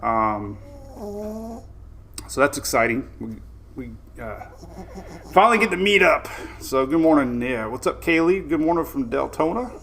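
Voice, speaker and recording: A man's voice: mid-range voice, animated, unhurried, pauses often, fairly bright tone, slight background noise. Chatty upbeat man hosting a live stream. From Florida. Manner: rambling, upbeat, greets viewers by name, laughs often. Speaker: host of a weather live stream. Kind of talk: casual live-stream chat.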